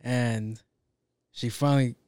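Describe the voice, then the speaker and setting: Brief: young New guy, cursing slangy storyteller, mid-pitch, dry close sound. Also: slow pace, clean tone, no echo. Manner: profane, slangy, animated with acted quotes. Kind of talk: casual chat, telling a work story.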